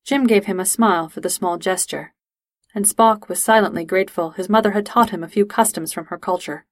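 A woman narrating a fan-fiction audiobook in a steady, even storytelling manner. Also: medium pitch, brisk, no echo.

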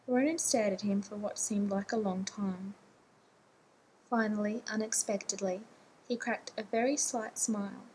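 A woman reading a romance novel aloud in a steady, measured narration. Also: medium pitch, a little hiss or hum, poor audio. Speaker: audiobook narrator.

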